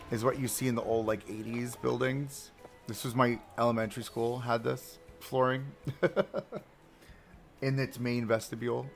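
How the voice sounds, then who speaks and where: Gravelly and mid-range, this young man's voice carries casual live-stream commentary as he builds a theme park in a game. He chats to his audience, mutters to himself, jokes around and complains about the controls.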